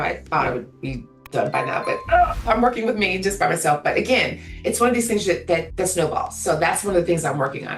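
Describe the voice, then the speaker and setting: A woman's voice: lowish voice, echoey room, distant mic. A woman speaking as a guest actress in an interview, emphatic and outspoken, sometimes acting out voices. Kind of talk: animated interview talk.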